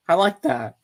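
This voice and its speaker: A man's voice: sits high, poor audio. A man co-hosting a casual chat, eager and chatty.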